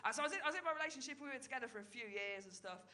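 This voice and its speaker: A woman's voice: high-pitched, expressive, rapid-fire, pushed and bright. A woman in her thirties performing a chatty stand-up comedy set, tagging her lines with "right?" and "like". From Britain. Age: 30s.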